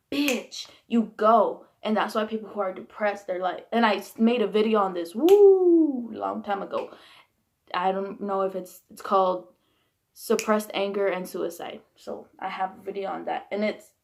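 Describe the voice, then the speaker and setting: In this candid personal rant, a woman in her twenties vents heatedly and bluntly about how she was raised, cursing freely on her vlog. Her voice sits in the mid range and carries vocal fry.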